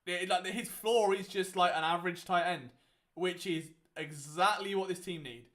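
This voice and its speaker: A young man hosts a casual live watchalong, offering chatty, rambling game commentary full of fillers. His voice sits high and a bit bright, moving at a normal speed.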